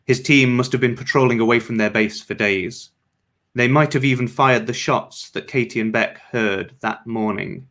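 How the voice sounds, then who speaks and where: A man's voice: lowish voice, a bit bright. Man reading a story aloud. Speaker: author.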